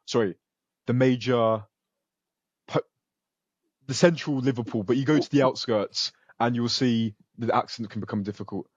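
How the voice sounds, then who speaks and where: Earnest young British student, muffled call. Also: male voice, mid-range voice, moderate pace, long pauses, dry recording. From United Kingdom. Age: young adult. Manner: earnest, self-assured, frequent restarts. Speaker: interview guest, computer science student. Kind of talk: casual interview over a call.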